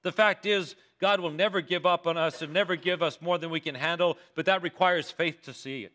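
A male pastor acting out an eager, nervous young defense lawyer addressing a jury in a loud, pleading way. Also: on the high side, fairly even intonation, a little fast. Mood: earnest. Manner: loud, pleading courtroom oratory.

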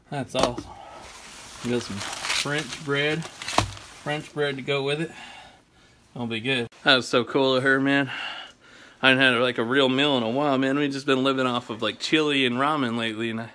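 A man's voice: medium pitch, steady tone, normal speed, long pauses, bright, forceful tone, slight background noise. A man vlogging casually, a laid-back rambler who swears freely as he talks to his viewers. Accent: US Pacific Northwest. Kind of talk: casual vlog monologue. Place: outdoors in a snowstorm, then at home.

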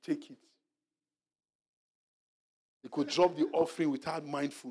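A male pastor leading a Bible study sermon, animated and exhorting, repeating his points and dropping to a hushed murmur for soft asides. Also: a little high, unhurried, slightly rough. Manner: animated preaching, drops to a hushed murmur when acting out apologies; repetitive, exhorting. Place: church hall.

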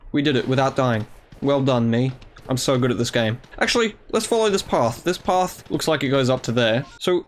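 A young man giving chatty, excitable commentary on his own gameplay, talking to the creatures on screen. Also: mid-range voice. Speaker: gaming YouTuber. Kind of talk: casual let's-play commentary.

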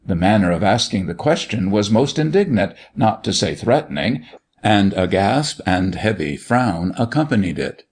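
A man narrating a story in expressive, scripted storytelling. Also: on the low side, normal speed, husky.

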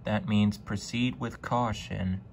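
A man's voice: lowish voice, fairly even intonation, slow, creaky, a little mellow, slight background noise. A man doing a cautious train driver. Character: cautious male train driver, calm and steady.

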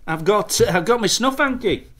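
A boisterous man with a slightly high voice, a bit tipsy and swearing freely. He chats loosely and jokes through a casual product review. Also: animated, normal speed, sharp tone. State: tipsy from drinking. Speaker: snuff reviewer, channel host.

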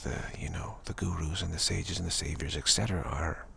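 A man giving a rambling, gentle spiritual talk, full of repeated phrases and "you know.". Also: deep voice, brisk, creaky, background noise. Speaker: spiritual speaker.

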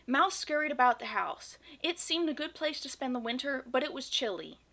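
A woman reading a children's storybook aloud in a gentle, expressive and clear way. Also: sits high, moderate pace. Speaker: children's book reader.

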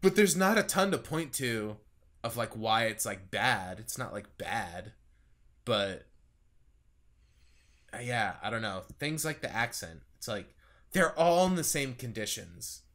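Man, podcast co-host, animated pitch, bright tone, rambling casual chat. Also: unhurried. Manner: rambling, animated, laughs often.

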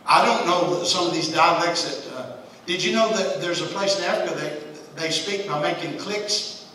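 A man's voice: on the high side, normal speed, pushed and bright. A man teaching an informal church Bible study in a folksy, conversational way, chuckling often. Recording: echoey room, distant mic, faint hiss.

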